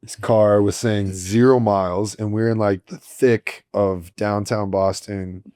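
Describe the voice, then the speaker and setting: A man co-hosting a podcast, telling stories in a casual, animated, joking way. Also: lowish voice, measured pace, dry recording, clean studio sound. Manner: animated storyteller, joking and laughing. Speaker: podcast co-host. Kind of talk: casual chat.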